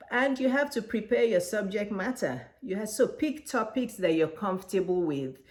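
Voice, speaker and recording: Nigerian lady coach talking to camera, low-ish voice, encouraging, middle aged. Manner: warm, encouraging, gestures while talking. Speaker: business coach. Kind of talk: direct-to-camera coaching talk.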